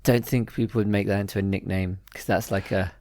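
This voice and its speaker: A man's voice: fairly low pitch, steady tone, a little fast, warm tone, dry recording. A young man guessing answers on a casual podcast quiz, laid-back and cracking dry jokes. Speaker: podcast co-host and quiz contestant.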